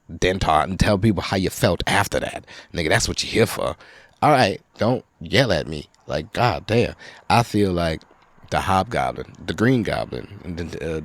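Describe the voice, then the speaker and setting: A man hosting a solo podcast, rambling casually in a profane, animated storytelling way. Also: low-pitched, dry recording. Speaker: podcast host.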